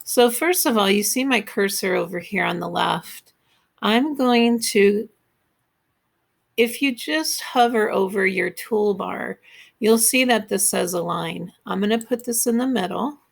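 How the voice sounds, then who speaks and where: A woman's voice: mid-range voice, gravelly. A woman teacher walking her students step by step through a class project in a screen-recorded tutorial, patient and instructive.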